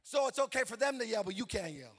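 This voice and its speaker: A man preaching a fiery sermon in a very high, bright voice with a husky edge. He shouts and chants his lines in a sing-song preaching rhythm and hammers the same phrases again and again. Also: very animated, quick pace. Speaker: pastor. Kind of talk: impassioned sermon.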